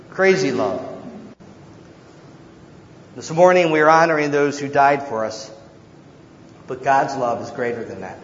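A man preaching a sermon as a pastor, earnest, moving between hushed tones and loud emphasis. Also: fairly high pitch. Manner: earnest, shifts from hushed to shouting. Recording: echoey hall, dull and slightly noisy.

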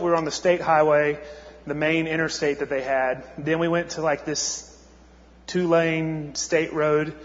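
A man telling a story in a sermon, conversational and full of restarts. His voice sits a little high. The sound is muffled and rings with a long hall echo. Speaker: missionary speaker.

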